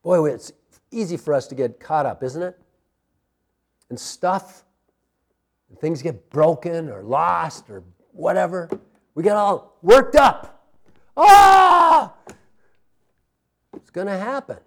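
A man's voice: on the high side, very animated, measured pace, long pauses. A man preaching a sermon as a pastor, conversational, with personal asides, laughs and calls of amen.

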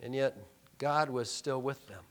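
A male pastor preaching a sermon, emphatic and full of rhetorical questions, dropping to a hush and then rising loud. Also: mid-range voice, unhurried.

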